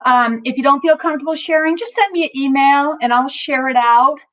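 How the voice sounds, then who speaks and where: A woman's voice: sits high, fairly quick, a bit bright. A woman leading a mindfulness session in a casual, upbeat, chatty way, with lots of fillers and restarts, at times out of breath. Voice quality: chatty, upbeat, self-interrupting with many fillers. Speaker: mindfulness instructor.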